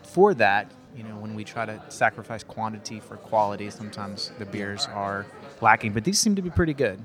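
A man's voice: fairly low pitch, over music. A man co-hosting a podcast at a brewery, speaking thoughtfully and steering the talk. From Arkansas. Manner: thoughtful, measured, hosts the talk. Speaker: podcast co-host. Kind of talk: casual chat. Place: brewery taproom.

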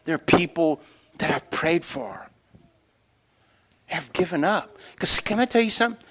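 A middle-aged pastor preaches with a voice pitched a little above most men's. He tells stories with lively swings in loudness, then drops low and earnest to press his point home. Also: unhurried, breathy edge. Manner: animated storytelling that shifts between loud excitement and quiet earnest emphasis. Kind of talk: sermon.

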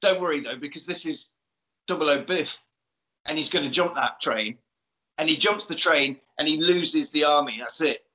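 On a poorly recorded podcast, a man retells an action movie to friends at a normal pace, his rather high voice pushed and bright. He keeps it casual and fun, slipping into put-on voices to perform characters' dialogue.

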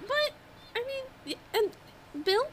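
High-pitched, lively young woman podcaster. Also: slow, a little hiss or hum. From New England, US. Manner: animated, laughs often, acts out quoted voices. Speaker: podcast co-host. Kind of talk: casual chat.

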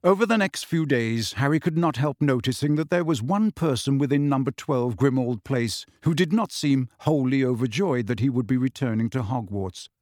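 A man reading a novel aloud as narrator with expressive storytelling. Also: mid-range voice, moderate pace, few pauses, dry recording, studio quality. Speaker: audiobook narrator. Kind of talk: scripted narration.

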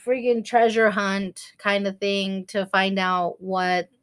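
A woman in her thirties co-hosting a podcast, chatting casually, joking at her own expense, laughing often and acting out quotes in high squealing voices. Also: flat delivery, slow, smooth. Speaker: podcast co-host. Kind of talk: casual chat.

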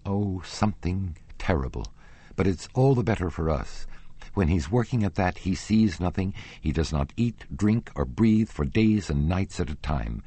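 A man's voice: sits low, animated, moderate pace, dark tone, breathy edge, no echo. A man reading the lines of a nervous, frightened young woman in an audiobook, in a feverish, pleading way. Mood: frightened, evasive.

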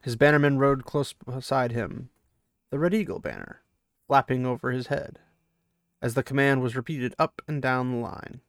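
A man's voice: mid-range voice, moderate pace, no room sound, studio quality. A man reading a fantasy novel aloud and then chatting casually about the chapter, building up intensity on the battle lines. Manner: reads the battle with rising intensity, then chats excitedly with fans. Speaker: book reader and commentator. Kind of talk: dramatic reading mixed with casual commentary.

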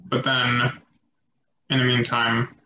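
A man narrating a tabletop game as game master, relaxed and rambling with fillers. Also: mid-range voice, slow, a little hiss or hum. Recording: echoey slightly dull room sound.

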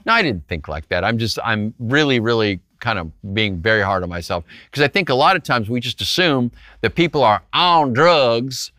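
Lively, bright-voiced male pastor. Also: mid-range voice, normal speed, few pauses, no room sound, clean studio sound. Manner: animated, talks straight to listeners with frequent rhetorical "right?". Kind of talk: conversational sermon storytelling.

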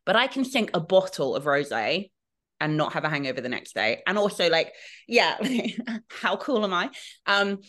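A woman chatting on a podcast with a slightly low voice. She laughs often and swears freely, keeping the talk loose and unguarded. Her delivery is easygoing and conversational. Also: big pitch swings, normal speed, a bit bright. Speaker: podcast co-host. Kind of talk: casual podcast chat.

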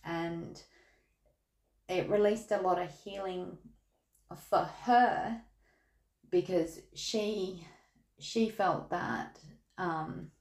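Aussie woman tarot podcast, slow and chatty, echoey room. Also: on the low side, steady tone, darkish tone. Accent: Australian. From Australia. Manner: candid, chatty storytelling with laughs. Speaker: tarot reader. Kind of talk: casual tarot podcast chat.

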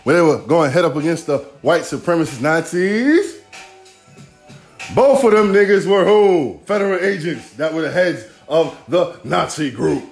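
Profane, streetwise male podcast host in his forties, a bit high-voiced, riffing alone in a roomy space. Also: normal speed, vocal fry, soft background music. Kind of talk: casual solo monologue.

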